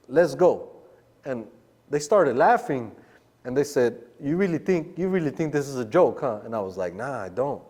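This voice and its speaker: A man's voice: fairly high pitch, big pitch swings, normal speed, a little mellow, long reverb tail. A man guest telling a long story in casual street slang, acting out the voices of the people he quotes. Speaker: podcast guest.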